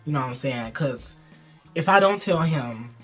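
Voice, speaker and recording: A man's voice: medium pitch, lively intonation, moderate pace, breathy edge, faint music behind. A young man tells a candid, profane, rambling storytime in casual chat. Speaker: vlogger.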